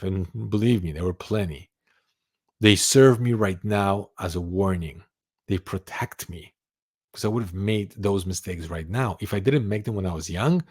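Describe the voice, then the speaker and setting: A man talking to camera as the host of an advice channel, insisting on his points and repeating key phrases. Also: on the low side. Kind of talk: motivational talk to camera.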